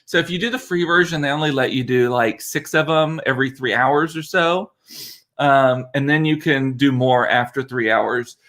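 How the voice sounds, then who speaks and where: Brief: chatty, giggly male host on a home computer mic, mid pitch, keeps cracking himself up. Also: normal speed, fairly bright tone. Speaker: livestream host, father. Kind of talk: casual livestream chat.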